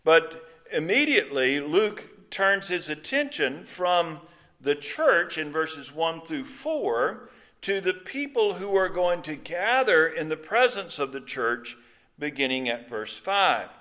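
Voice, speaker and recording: Middle-aged preacher from coastal mississippi, mississippi accent, chatty sermon, lots of uh's and easy pauses. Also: male voice, on the high side, big pitch swings, sharp tone. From Mississippi Gulf Coast. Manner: conversational, unhurried, with frequent filler pauses. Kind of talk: sermon teaching with folksy anecdotes.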